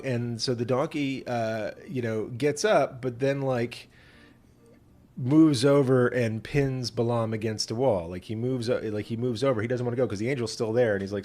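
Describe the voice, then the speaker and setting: A man who is a rabbi retells scripture in a loose, joking, conversational way. He uses plenty of fillers and asides, and his voice sits at a middle pitch. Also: a little mellow. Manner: humorous, conversational, many fillers.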